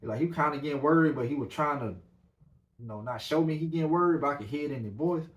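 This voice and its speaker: Male podcast host, slightly high voice, rambling anecdote, roomy echo. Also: quick pace. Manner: animated, rambling with many fillers. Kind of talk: casual storytelling.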